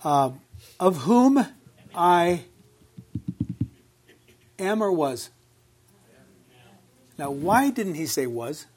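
A man preaching a sermon with a high-pitched voice. He repeats words for emphasis, reads scripture aloud and asks the congregation questions. He sometimes drifts away from the mic. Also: very animated, very slow, pauses often, a little mellow. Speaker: pastor.

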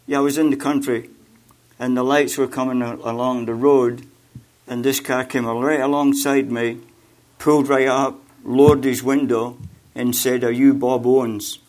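This older preacher mixes his sermon with personal testimony. He speaks at medium pitch in a level tone, halting often with fillers and repeated words, then turns louder and more emphatic as he exhorts.

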